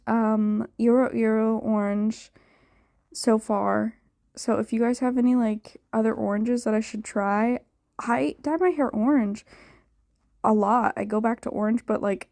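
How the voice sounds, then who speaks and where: A woman's voice: a little high, gravelly, mellow, dry recording, studio quality. A tired young woman chatting casually about dyeing her hair, rambling and unsure with lots of filler words. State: tired, yawning. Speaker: hair dye vlogger. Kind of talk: casual voice-over chat.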